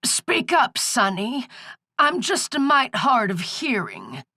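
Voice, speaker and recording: A croaking, high old crone, cantankerous and folksy, with a strained quality. She is hard of hearing and speaks in a lively, swooping sing-song. The voice sits far above the narrator's own. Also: slow, dry recording, clean studio sound, full character voice. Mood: cranky. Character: hard-of-hearing old country woman, prank caller.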